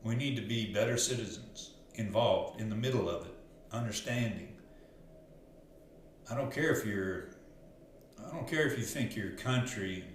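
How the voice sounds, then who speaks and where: Guy, life coach, folksy and rambling, kinda low voice, super echoey room. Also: moderate pace, pauses often. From Arkansas. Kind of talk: casual storytelling monologue. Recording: very echoey room, faint noise.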